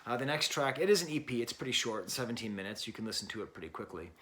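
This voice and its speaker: A man's voice: mid-range voice, animated, racing, fairly bright tone. A middle-aged man giving a casual spoken record review in a chatty, wry way, rambling and correcting himself with lots of fillers. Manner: rambling and self-correcting, with many fillers and restarts; chatty and wry, with little laughs. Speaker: music reviewer.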